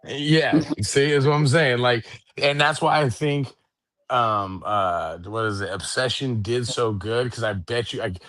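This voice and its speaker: A man's voice: mid-range voice, measured pace, fairly bright tone, no echo. Rambling, foul-mouthed man chatting. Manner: rambling, profane, says "you know what I mean" often. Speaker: podcast co-host. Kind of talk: casual chat.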